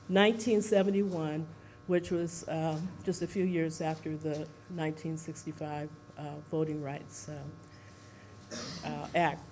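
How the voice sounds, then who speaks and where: A speaker giving an informal talk at a seminar, out of breath, pausing often on fillers and putting questions to the audience. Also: mid-range voice, darkish tone, a little hiss or hum. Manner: halting, many fillers, asks the audience questions.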